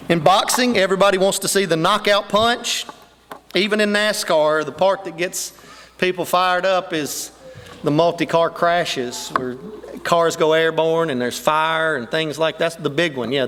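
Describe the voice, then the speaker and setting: An older male preacher with a high, ringing voice delivers an emphatic sermon, his voice swelling as he drives his points home. His words carry a long reverb from the church hall around him. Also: fairly bright tone, a little hiss or hum. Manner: emphatic preaching, rising and intensifying on key points. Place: church sanctuary.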